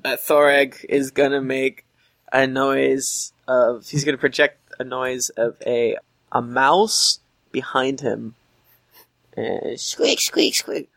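A man's voice: mid-range voice, flat delivery, slow, gravelly, fairly bright tone, no room sound. A man playing a tabletop game, goofy and joking, often laughing. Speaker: player. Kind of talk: casual tabletop game play.

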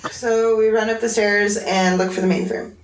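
A woman's voice: medium pitch, little pitch movement, moderate pace, a loud crowd. A woman playing a tabletop role-playing game, eager and giggly as she declares her moves. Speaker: player. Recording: roomy, noisy recording.

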